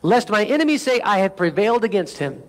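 High-voiced preaching man. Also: big pitch swings, fast. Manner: preaching with call-and-response asides; reads scripture with rising intensity. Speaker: pastor. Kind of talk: sermon.

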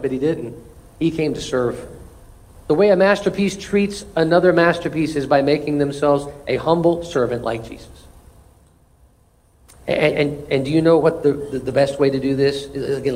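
A man's voice: on the high side, a little mellow, low-quality recording. A man pastor preaching a sermon in church, emphatic, repeating phrases and restarting words. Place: church sanctuary.

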